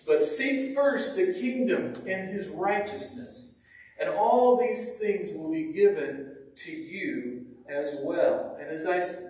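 Higher-voiced preacher, echoey and distant. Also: male voice, darkish tone. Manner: conversational, with restarts and repeated words. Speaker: pastor. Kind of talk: sermon. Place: church sanctuary. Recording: echoey church from far off.

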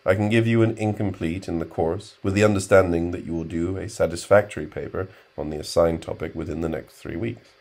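A stern, tired male professor, voiced by a male reader, cold and level in his speech. The voice is very deep and kept quiet and restrained. It is read from an audiobook. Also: steady tone, brisk, creaky, few pauses. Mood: weary. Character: weary, stern middle-aged male professor.

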